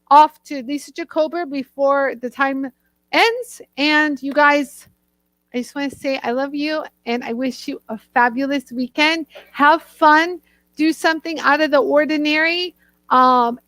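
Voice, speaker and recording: A woman's voice: sits high, fairly bright tone, no room sound. A woman from the northern United States hosting a live jewelry tool stream, chatting with viewers in a bubbly, gushing way.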